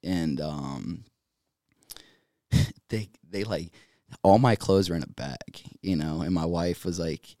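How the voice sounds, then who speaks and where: A man tells his story as a podcast guest, with a low voice picked up close and dry. He talks casually and animatedly, full of fillers, laughs often and acts out what others said to him. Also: slow, long pauses, mellow, dry recording. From North Carolina.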